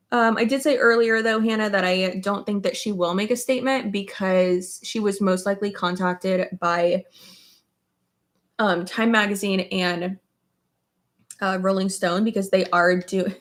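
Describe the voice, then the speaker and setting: A woman livestreaming as a beauty creator, chatting casually while she does her makeup, rambling with lots of filler words. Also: medium pitch.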